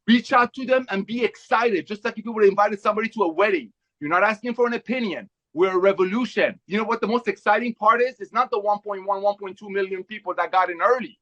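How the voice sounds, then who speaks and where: A high-voiced man delivers a fervent, rallying sales pitch, hammering the same phrases again and again. The sound is dull and lo-fi, as if over a video call. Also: fairly bright tone. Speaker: company co-founder speaking to members.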